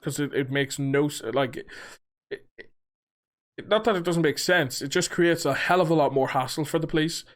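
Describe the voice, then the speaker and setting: A man's voice: fairly high pitch, normal speed. A young man co-hosting a casual podcast, rambling with lots of fillers and casual swearing. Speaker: podcast co-host. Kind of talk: casual chat.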